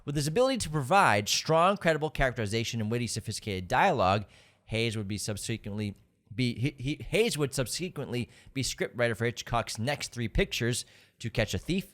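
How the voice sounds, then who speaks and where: A man co-hosting a podcast in casual film talk, reading background facts from his notes in a steady, informative way. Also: medium pitch, brisk. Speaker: podcast co-host.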